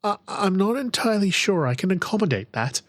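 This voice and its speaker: A man's voice: sits high, big pitch swings, brisk, a bit bright, dry recording, studio quality, voice pushed up. A man voicing a nervous female alien hostess in an audiobook, stuttering and hesitant.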